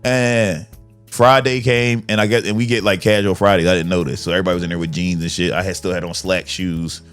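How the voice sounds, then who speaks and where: A man's voice: sits low, racing, faint music behind. A man in his thirties hosting a podcast, telling casual stories full of swearing and acted-out quotes. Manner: profane, animated storyteller who acts out quotes. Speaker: podcast host. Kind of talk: casual storytelling chat.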